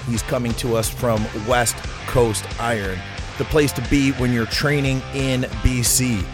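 A man hosting a fitness podcast, upbeat and hyping the show, swearing casually as he introduces his guests and asks questions. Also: mid-range voice. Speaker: podcast host. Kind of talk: energetic show intro and interview.

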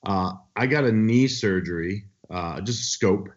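A man's voice: on the low side, a little slow. A man co-hosting a casual chat, telling rambling stories and swearing freely. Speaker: podcast co-host. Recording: dull lo-fi sound.

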